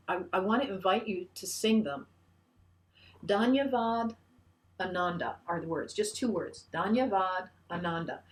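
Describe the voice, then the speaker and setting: A woman minister giving an online sermon, earnest and encouraging, often restarting her phrases. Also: medium pitch. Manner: leads the congregation in a call-and-response chant.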